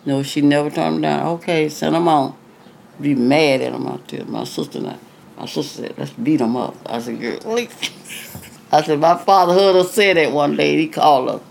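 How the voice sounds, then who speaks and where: Older lady ex-singer, husky rough voice, acts out what folks said, lotta "you know". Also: sits low, moderate pace, darkish tone, a little hiss or hum. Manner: chatty, acts out quoted dialogue, frequent "you know". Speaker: retired singer, interviewee. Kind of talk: casual storytelling interview.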